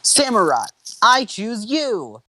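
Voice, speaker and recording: Man doing eager young male pokémon trainer, raised voice, slow shouted commands. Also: high voice, huge pitch swings, voice pushed up, full character voice, poor audio. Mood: commanding.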